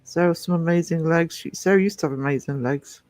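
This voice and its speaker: A man's voice: on the high side, fairly quick, darkish tone, dry recording, soft background music. A man hosting a casual livestream, rambling and greeting viewers by name as he chats. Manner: rambling, chatty, self-interrupting. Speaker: livestream host.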